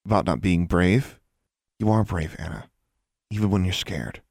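A man voicing a defiant young schoolgirl witch in an audiobook, lifting his deep voice higher. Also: normal speed, gravelly, a little mellow, no echo, clean studio sound. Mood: earnest.

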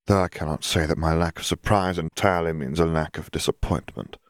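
A man voicing a calm, manipulative dark leader who speaks quietly and formally. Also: rumbling low, brisk, no room sound, studio quality. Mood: cold.

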